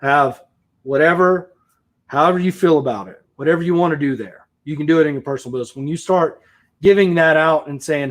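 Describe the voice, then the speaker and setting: A man's voice: a little high, fairly quick. A man, a real estate investor, giving a blunt, profane opinion rant to camera with emphatic repetition.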